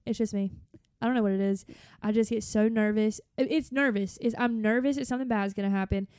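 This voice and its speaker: A young woman, co-hosting a podcast in casual chat and telling stories in a lively way. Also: medium pitch, fast, smooth, no echo, clean studio sound. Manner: chatty, animated storytelling with run-on asides. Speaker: podcast co-host.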